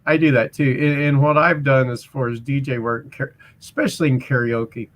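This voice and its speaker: A man in his sixties spins yarns in a relaxed conversation, slipping into other people's voices. His voice sits at an everyday middle pitch, and he talks like a seasoned musician swapping stories. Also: normal speed. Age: 60s. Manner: animated storyteller who acts out other people's voices. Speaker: guest, musician and karaoke host. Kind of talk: casual storytelling interview.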